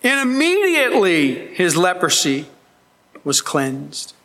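A man's voice: high-pitched, huge pitch swings, slow pace, a bit bright. A man preaching a sermon as pastor, earnest and emphatic, pleading with his listeners. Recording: long hall reverb.

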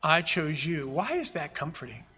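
A man's voice: a little high, big pitch swings, moderate pace, bright, forceful tone, slightly rough. A man preaching a sermon as pastor, with emphatic, repeated phrases. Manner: preaching with rising fervor, emphatic repetition. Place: church sanctuary. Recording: long reverb of a large hall.

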